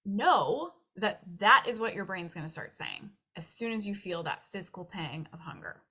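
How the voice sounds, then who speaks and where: A young adult woman, a nutrition and weight loss coach, giving casual coaching advice in an animated way and acting out her own inner thoughts. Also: mid-range voice, moderate pace, husky.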